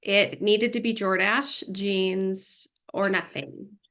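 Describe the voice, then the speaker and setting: A woman co-hosting a casual podcast as a therapist, telling stories in an animated way and acting out her own past thoughts. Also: medium pitch, slow pace.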